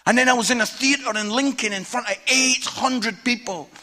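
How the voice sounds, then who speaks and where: A middle-aged man preaching a humorous storytelling sermon, an animated teller with punchy asides. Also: very high-pitched, normal speed. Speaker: evangelist preacher.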